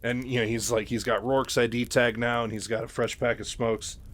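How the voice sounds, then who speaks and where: A man's voice: medium pitch, little pitch movement, moderate pace. A man casually retelling a novel, rambling with many fillers and asides.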